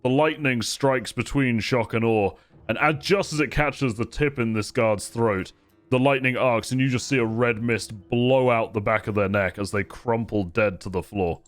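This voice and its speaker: A man running a tabletop game as game master, narrating combat vividly and at an unhurried pace. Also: mid-range voice, faint music behind.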